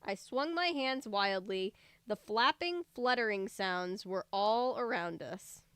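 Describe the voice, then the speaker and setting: A woman's voice: mid-range voice, expressive, slow, fairly bright tone, clear, resonant tone, no echo. A woman reading a book aloud on a livestream, breaking off for chatty, joking asides. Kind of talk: casual read-aloud livestream.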